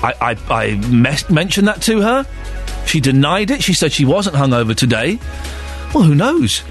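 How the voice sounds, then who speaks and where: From a studio microphone, a man with a voice on the high side hosts a radio phone-in at normal speed, with faint music behind him. His casual chat is jokey and animated, and he reads listener emails aloud.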